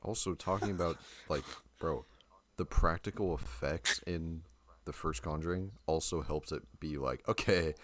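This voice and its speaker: A man's voice: extremely low pitch, unhurried. A young man co-hosting a podcast in casual chat, slangy and enthusiastic, saying bro and dude a lot. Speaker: podcast co-host.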